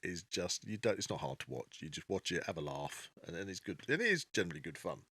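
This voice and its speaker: A man's voice: sits low, very animated, quick pace, pushed and bright, slightly rough, no room sound. A man co-hosting a casual podcast chat, rambling with many restarts and easy laughs. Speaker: podcast co-host.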